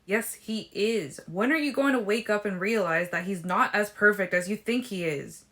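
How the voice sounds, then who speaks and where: A woman's voice: mid-range voice, moderate pace, a bit bright, natural voice. Woman reading a blunt, jealous teenage boy. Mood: heated. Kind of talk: fan audiobook reading.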